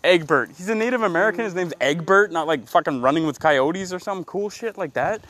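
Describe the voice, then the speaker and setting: A man chatting and joking crudely while hiking in the woods, teasing his friend with loud outbursts. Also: high-pitched, expressive, fairly quick, dry recording. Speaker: hiker filming outdoors. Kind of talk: casual joking chat. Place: woods outdoors.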